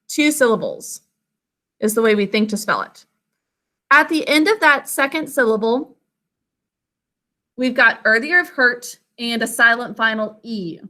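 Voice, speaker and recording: High bright-voiced woman teaching spelling. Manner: patient, slow and careful over word sounds. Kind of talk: online spelling lesson for children. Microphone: video call.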